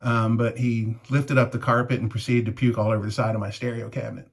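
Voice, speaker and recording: A man's voice: mid-range voice, little pitch movement, fast talker, gravelly. Rambling middle-aged man telling stories. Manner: rambling, anecdotal, chuckling. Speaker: shaving product reviewer. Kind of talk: casual vlog storytelling while shaving.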